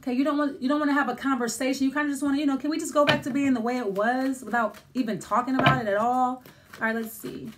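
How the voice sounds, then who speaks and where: Casting note: woman tarot reader, high voice, rambling and conversational. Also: fairly even intonation, quick pace, heavy background noise. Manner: thinking aloud, many restarts and fillers. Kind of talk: casual tarot reading.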